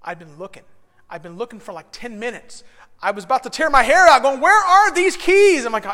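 Male pastor, 30s, high-pitched and bright, lively self-deprecating storyteller, long hall reverb. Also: quick pace. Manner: animated, self-deprecating storyteller who builds to shouts. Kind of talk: sermon with personal storytelling.

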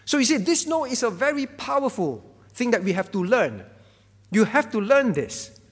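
High-voiced pastor preaching in a hall. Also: male voice, sing-song, moderate pace, a bit bright. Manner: emphatic, repeats key words, rhetorical questions. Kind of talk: sermon.

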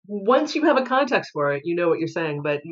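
Lower-voiced woman on a muffled line. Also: very animated, brisk. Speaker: filmmaker guest. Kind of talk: casual chat.

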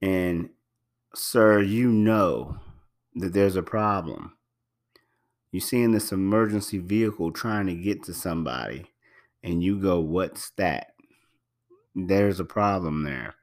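Male podcast host, low voice, casual and emphatic delivery, lots of fillers and repeats. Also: a little slow. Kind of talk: casual spoken commentary.

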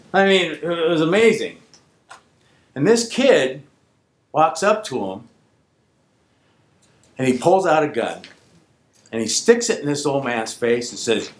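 A man's voice: on the high side, echoey room. A man casually telling a true story from his working days, acting out the voices of the people in it. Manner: animated, acts out quoted voices. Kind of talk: casual spoken anecdote.

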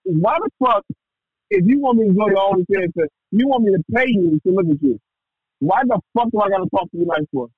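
A man with a high, husky voice rambles through crude podcast banter and keeps asking "you know what I'm saying." His mic sounds dull and lo-fi. It is dry, with no room echo. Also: lively intonation, brisk. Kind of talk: casual chat.

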